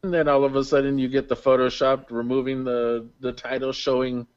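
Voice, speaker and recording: A man co-hosting a casual wrestling podcast, excitable and quick to laugh, recapping the show. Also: medium pitch, smooth, no echo. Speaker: podcast co-host. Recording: dull dry home mic.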